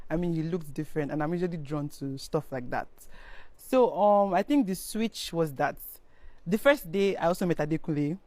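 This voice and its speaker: A woman's voice: low voice, no echo. A woman reality show contestant answering reunion interview questions, hesitant and searching for words.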